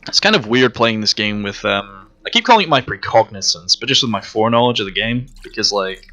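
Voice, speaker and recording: A man's voice: on the low side, lively intonation, brisk, sharp tone, faint music behind. A man giving casual, rambling and profane commentary while playing a video game. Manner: rambling, profane and self-mocking. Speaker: let's play commentator.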